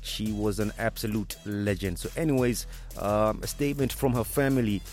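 A man's voice: fairly low pitch, normal speed, darkish tone, faint music behind. A man hosting a radio news segment, hesitant and full of fillers. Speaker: radio host. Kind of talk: news commentary.

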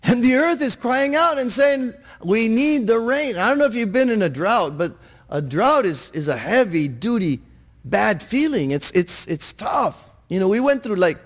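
A man's voice: high voice, very animated, normal speed. A man preaching a sermon in church, earnest, often restarting his words and asking "Amen?". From Texas, USA. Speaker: pastor.

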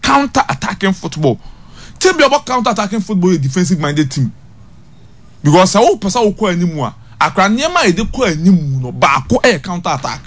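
A man giving an animated football tactics breakdown, repeating key terms and mixing English terms into Twi. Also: high-pitched, a little fast.

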